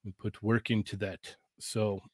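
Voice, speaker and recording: A male co-host jokes and ribs his partners on a live stream, laughing easily. His pitch swings widely, and the sound is dry and close. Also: sing-song, slow pace, husky, no echo. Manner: laughing, teasing banter. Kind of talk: live-stream casual chat.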